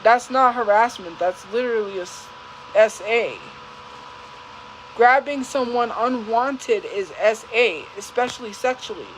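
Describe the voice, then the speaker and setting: A young woman with a fairly high voice tells a personal story on a livestream. She speaks earnestly and haltingly, often restarts, and repeats her points. A faint hum of ambience sits behind her. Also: low-quality recording. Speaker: livestream host.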